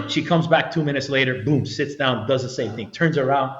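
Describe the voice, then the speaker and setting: The speaker is a middle-aged retired federal agent telling a story at a moderate pace in a medium-pitched voice. As an animated interview guest, he acts out quotations and frequently restarts what he's saying, and the recording is roomy and slightly dull.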